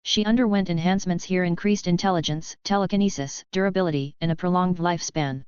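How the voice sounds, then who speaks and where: A woman's voice: on the low side, quick pace, darkish tone, smooth, no echo, lightly acted. A woman voicing a young female companion in a storybook reading, in an informative, explaining manner. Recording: dull, lo-fi dry recording.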